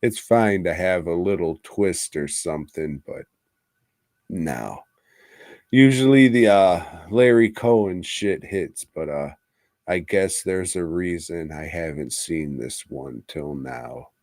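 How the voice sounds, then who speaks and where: Profane low-voiced man rambling about movies. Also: lively intonation, slow, a little mellow, dry recording. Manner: rambling, swears constantly, laughs mid-sentence. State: drinking, tipsy. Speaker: podcast co-host. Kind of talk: casual profane movie review chat.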